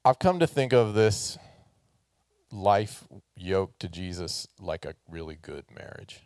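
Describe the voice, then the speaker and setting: A man with a fairly low voice preaches a relaxed, jokey sermon. He talks with the congregation and gets them to join in. The sound is close and dry. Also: slow pace, clean tone, no room sound. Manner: casual, joking, talks with the congregation. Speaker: pastor.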